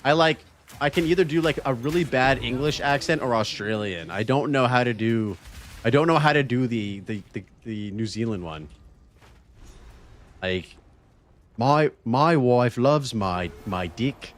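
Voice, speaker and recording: A man with a mid-range voice talks at a normal speed while streaming a game. He chats casually with his viewers in a relaxed, rambling manner.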